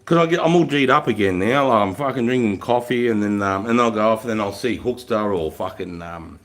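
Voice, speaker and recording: A man's voice: on the low side, a little fast, fairly bright tone. Australian man in his thirties, livestream guest, casual and rambling, heavy swearing. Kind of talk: casual chat.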